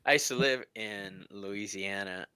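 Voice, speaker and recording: A man hosting a live tarot stream, joking and laughing often in an animated way. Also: on the low side, measured pace, smooth, no echo. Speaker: tarot reader and stream host. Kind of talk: livestream tarot chat.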